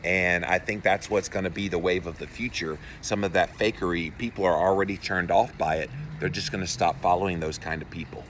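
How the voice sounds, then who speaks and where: A man's voice: low-pitched, fairly even intonation, a little fast, hardly any pauses, fairly bright tone, a little hiss or hum. A man hosting a solo live show, reading viewer comments aloud and giving earnest, encouraging pep talks. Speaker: health podcaster and host.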